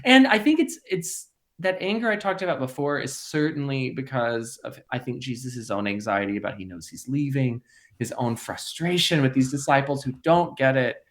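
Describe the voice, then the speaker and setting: A man, a parish priest, speaking in a podcast conversation. He throws himself into quoted lines with sudden leaps in pitch and laughs easily. When the subject turns grave, his voice drops low and quiet. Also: normal speed. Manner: animated, acts out quotes with big pitch jumps.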